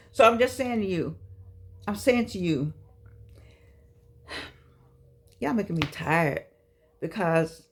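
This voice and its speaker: Sixties woman, slightly gravelly, talks straight to camera like a sermon among friends. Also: a little high. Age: 60s. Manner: chatty, preachy, folksy and emphatic. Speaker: vlogger speaking to seniors. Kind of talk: casual motivational talk to camera.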